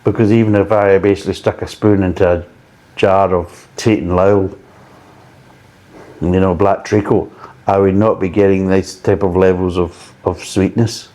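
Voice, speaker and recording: A man's voice: deep voice, level tone, normal speed, dark tone. A man reviewing a beer in a blunt, exasperated way, swearing freely.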